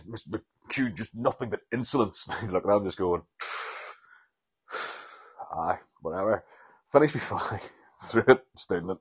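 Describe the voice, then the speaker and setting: A man's voice: sits low, slightly rough, dry recording. A Northern Irish man around forty, hosting a podcast alone and rambling through stories, swearing and laughing often. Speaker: podcast host. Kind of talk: casual solo podcast rambling.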